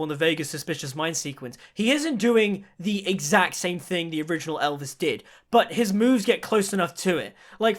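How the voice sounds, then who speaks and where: A man's voice: sits high, a bit bright. A man giving a chatty, enthusiastic film review in a casual video.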